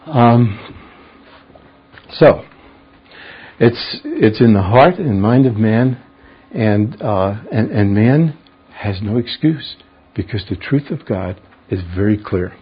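A man leads a Bible study in a husky, deep-set voice, working through word meanings at an unhurried pace. He checks in with his class by asking them questions. The recording is dull and lo-fi. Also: lively intonation. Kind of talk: verse-by-verse Bible study teaching.

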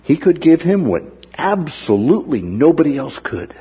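A man's voice: a little high, moderate pace, slightly rough, muffled recording. A man preaching a sermon who acts out the words of the people in the story. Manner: animated, acts out the characters' words.

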